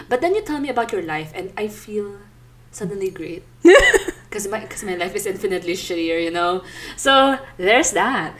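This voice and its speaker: A young woman with a Filipino accent, co-hosting a casual podcast and telling animated, laughing stories. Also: medium pitch, moderate pace. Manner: animated storytelling, laughing, mixes Tagalog into English. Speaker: podcast co-host. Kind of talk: casual chat.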